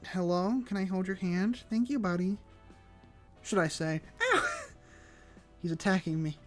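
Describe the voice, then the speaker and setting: A man streaming a game from home on a desk microphone, chatting in a loose, rambling, excitable way with laughs and casual swearing. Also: high voice, unhurried. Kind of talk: casual live-stream chat while playing a game. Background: faint chill background music.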